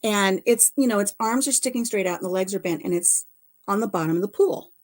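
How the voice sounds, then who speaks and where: A woman's voice: medium pitch, fairly quick. Chatty middle-aged woman telling a story. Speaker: vlogger. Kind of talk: casual chat.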